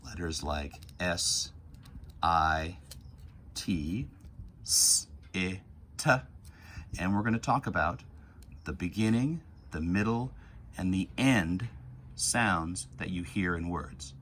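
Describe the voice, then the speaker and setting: A man with a low voice leads a phonics lesson for young children. He talks patiently and stretches words out slowly to sound out each letter, with faint noise in the background. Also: fairly bright tone. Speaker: teacher.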